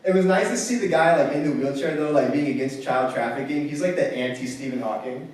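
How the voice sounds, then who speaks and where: A man's voice: mid-range voice, a little fast, a little mellow, a little hiss or hum. A young man doing a stand-up comedy set, telling stories in a wry, casual way with lots of "like". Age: young adult. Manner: casual, wry storytelling with filler "like". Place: campus theater stage before a live audience. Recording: very echoey hall from far off.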